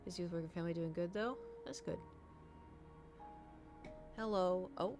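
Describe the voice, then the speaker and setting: A woman's voice: on the low side, fairly even intonation, normal speed, long pauses, a little mellow, faint music behind. A woman streaming from her desk at home, chatting casually, swearing freely and coaxing her cat aloud. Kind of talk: casual live-stream chat. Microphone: desk microphone.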